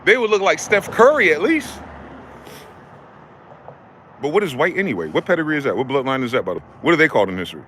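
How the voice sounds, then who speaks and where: A man's voice: on the high side, sing-song, fairly quick, pauses often, a bit bright, slight background noise. A man delivering an angry, profane, confrontational rant that circles back to the same rhetorical questions. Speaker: vlogger. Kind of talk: angry ranting monologue.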